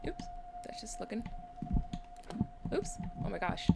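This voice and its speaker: A woman's voice: very high voice, wildly swooping pitch, measured pace, gravelly, heavy background noise. A woman giving casual commentary while playing a video game, chatty and reading item text aloud. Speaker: gamer. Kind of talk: casual let's-play commentary.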